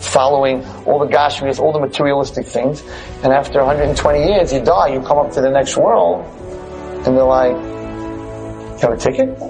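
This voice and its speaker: A man telling a parable in a sermon, animated and conversational. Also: mid-range voice, brisk, over music, low-quality recording. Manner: animated, conversational, asks "right?". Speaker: religious teacher. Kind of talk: sermon storytelling.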